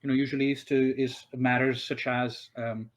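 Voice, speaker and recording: A game master with an ordinary middle-pitched voice runs a tabletop game in a flat delivery. He talks haltingly, full of fillers and restarts, answering the players as the characters they meet.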